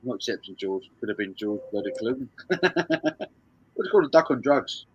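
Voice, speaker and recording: The recording is muffled with slight background noise as a man with an animated mid-range voice speaks at normal speed. Hosting a charity live stream music quiz, he reads out viewers' answers, banters, and frequently swears and laughs.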